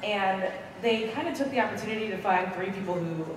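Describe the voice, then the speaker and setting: A woman's voice: medium pitch, brisk. A woman from Kentucky in the audience asking a friendly, slightly nervous, rambling question. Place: large convention hall. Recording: echoey hall from far off, noisy.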